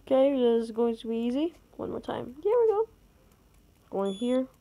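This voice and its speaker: A woman giving gameplay commentary, excitable, with sudden high outbursts. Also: normal speed. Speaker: gamer.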